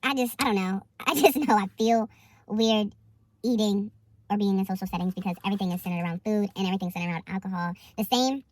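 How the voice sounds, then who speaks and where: Fast-talking woman with frank, rambling chatter. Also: mid-range voice, no room sound. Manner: rambling and frank, many fillers and restarts; animated asides and repetition for emphasis. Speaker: vlogger sharing a weight-loss update. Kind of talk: candid casual monologue.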